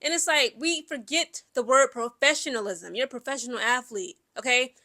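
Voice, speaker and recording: A young adult woman, giving casual, opinionated commentary in an animated way, full of filler words. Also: high-pitched, moderate pace. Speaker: commentary vlogger.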